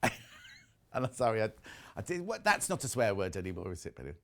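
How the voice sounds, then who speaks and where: A man's voice: on the low side, wildly swooping pitch, a little fast, gravelly. A male TV shopping host who chats live in a studio, reads out viewer messages and jokes about himself. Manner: chatty, self-mocking, jokey. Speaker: shopping channel presenter.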